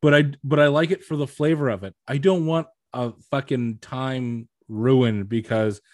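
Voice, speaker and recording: A young man chatting casually as a podcast co-host, relaxed and profane, with many fillers. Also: mid-range voice, normal speed, dry recording, studio quality. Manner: laid-back, profane, filler-heavy. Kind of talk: casual chat.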